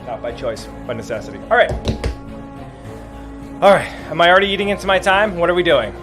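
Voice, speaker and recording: A man's voice: on the high side, very animated, fast, fairly bright tone. A man hosting a casual livestream, joking and teasing himself while carving pumpkins a little tipsy. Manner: joking, self-mocking, playful. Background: music.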